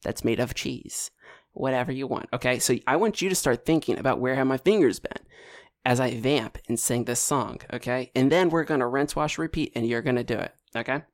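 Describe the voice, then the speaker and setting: A man hosting a casual podcast and running a tabletop game, playful and chatty and quick to laugh. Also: mid-range voice. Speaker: podcast host and game master. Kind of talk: casual chat.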